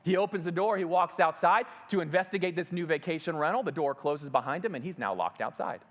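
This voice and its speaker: A man's voice: a little high, fast. A middle-aged male pastor telling a story in a sermon, vividly acting out the moments he describes.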